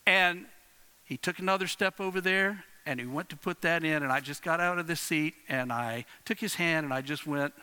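Bright-voiced preacher man in echoing hall. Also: on the high side, clear, resonant tone. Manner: storytelling with repeated phrases and long pauses; dramatic swings from hushed to loud. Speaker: pastor. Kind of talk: sermon. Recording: long reverb of a large hall.

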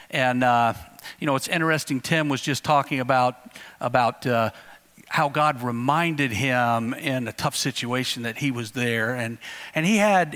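A male pastor gives a relaxed, storytelling sermon, circling back often with fillers and restarts. His voice is bright and clear and sits a bit higher than most men's.

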